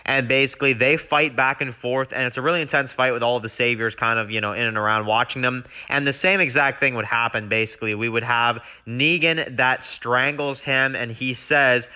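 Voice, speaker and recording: A man's voice: mid-range voice, fairly even intonation, fairly quick, hardly any pauses, pushed and bright, smooth. A man reviewing a TV show, casually recapping his rewrite of an episode and full of fillers. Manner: rambling, many fillers like basically and you know.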